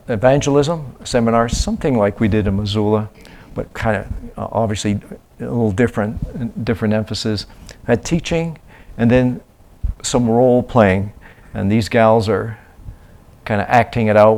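A man telling a church about his mission work in a halting, casual way, often restarting his sentences. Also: fairly low pitch. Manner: halting, restarts, acts out quoted voices loudly. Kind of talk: casual slide-show talk.

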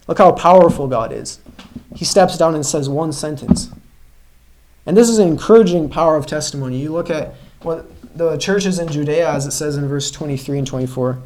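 A man's voice: on the high side, low-quality recording. A man preaching a sermon, telling a story earnestly and emphatically, calling his listeners brothers and sisters. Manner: earnest, emphatic storytelling, swings between loud stresses and hushed lines.

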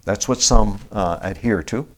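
A man, an elder of a small church, preaching a sermon, reading scripture slowly and with emphasis, then explaining it in plain talk with fillers and restarts. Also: fairly low pitch, slight background noise. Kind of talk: expository sermon.

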